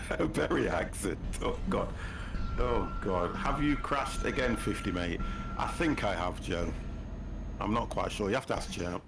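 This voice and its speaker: A man's voice: fairly low pitch, a little slow. A man in his fifties chatting casually as host of a gaming stream, teasing and laughing often. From United Kingdom. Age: 50s. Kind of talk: casual chat while gaming. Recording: noisy game-stream audio.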